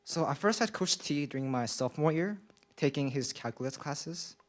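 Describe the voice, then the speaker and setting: A man's voice: a little high, lively intonation, normal speed. A young man whose first language is not English, reading a nervous, shaky public comment at a school board meeting, with many fillers and restarts. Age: young adult. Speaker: public commenter, college student. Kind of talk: nervous prepared speech.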